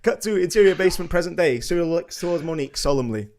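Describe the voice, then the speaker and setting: A man's voice: on the high side, lively intonation, fast talker, a little mellow. A man narrating the scene headings and stage directions of a live script read in a matter-of-fact way.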